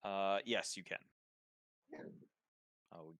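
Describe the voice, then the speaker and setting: A man's voice: sits low, steady tone, very slow, a bit bright, no echo. A man narrating as game master of a tabletop game, describing scenes with fillers and restarts.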